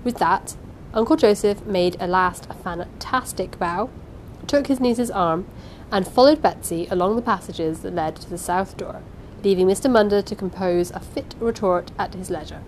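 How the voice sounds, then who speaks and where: A woman reading a classic novel aloud and then chatting casually about the chapter in a lively, expressive way. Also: mid-range voice, moderate pace, slight background noise, low-quality recording. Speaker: reader.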